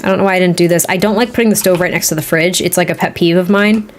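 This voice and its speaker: A woman's voice: on the low side, steady tone, rapid-fire, a little hiss or hum. Chatty woman streamer, laughing easily. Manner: chatty, rambling, laughs often; talks to chat viewers, reads their comments. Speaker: live streamer. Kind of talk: casual chat while building in a game.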